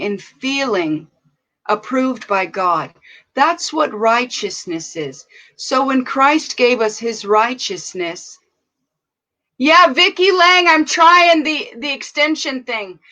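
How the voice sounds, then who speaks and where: Bright-voiced woman preaching slowly. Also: on the high side, poor audio. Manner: fervent, affectionate, greets viewers by name. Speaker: preacher on a live stream. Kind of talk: prayer and sermon.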